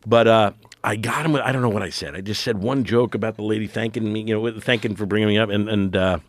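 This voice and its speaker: A man's voice: fairly low pitch, quick pace, no echo. Man telling a rambling comedy-gig story. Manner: rambling, self-interrupting, animated retelling. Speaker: comedian guest. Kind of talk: casual podcast storytelling.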